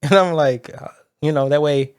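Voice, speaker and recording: A man's voice: a little high, moderate pace, clean tone, no room sound, clean studio sound. A man co-hosting a casual chat podcast, telling stories with lots of laughter and quoted voices. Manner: animated storyteller, laughs often, mimics voices in anecdotes.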